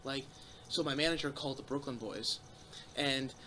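A man's voice: mid-range voice, moderate pace, slight background noise. A man telling stories in a casual comedy podcast chat, acting out the voices of people in his stories. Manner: animated storyteller acting out voices. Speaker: comedian guest.

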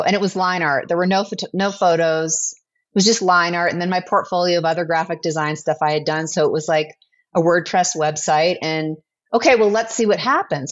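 A woman in her forties, a business owner and guest, telling her story in a chatty, animated way and acting out quotes. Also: lowish voice, highs cut off. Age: 40s. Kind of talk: casual storytelling interview.

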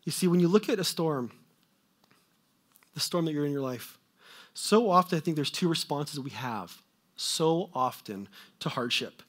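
A male preacher with a fairly high voice delivers a sermon. He swings between loud, emphatic questions and quiet asides that trail off. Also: animated, measured pace, long pauses.

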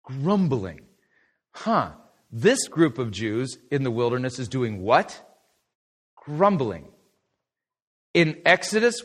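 A man's voice: medium pitch, slow pace, long pauses, slightly rough. A middle-aged man preaching a conversational Bible lesson, asking his listeners questions and answering them himself. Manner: lively, conversational, asks the audience questions. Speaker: pastor teaching a Bible study. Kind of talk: sermon lesson.

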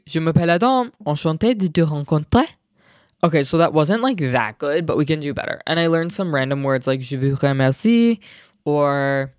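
A young man hosting his own podcast, chatting casually in an excitable, rambling way full of asides. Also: a little high, no room sound, clean studio sound. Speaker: podcast host. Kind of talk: casual solo podcast chat.

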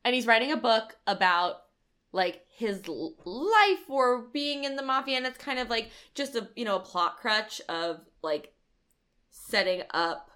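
A woman's voice: on the high side, a little slow. A young woman co-hosting a casual movie review chat, retelling scenes with lots of "like" fillers. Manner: chatty, frequent "like" fillers, animated retelling. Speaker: podcast co-host.

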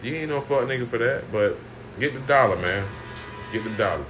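A young man, the host, talking in a loose, animated casual chat full of slang. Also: mid-range voice, fairly quick, over music. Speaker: podcast host.

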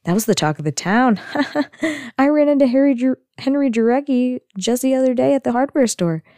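A woman's voice: high voice, animated, moderate pace, mellow, no echo, clean studio sound, pitched above the performer's own voice. A woman voicing a gossipy, teasing aunt from a sitcom. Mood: gleeful.

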